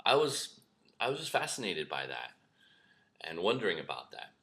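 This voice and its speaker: A middle-aged man telling a personal story to camera as a spiritual teacher, animated, acting out shouts and whispers. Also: low-pitched, normal speed. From lives in New York.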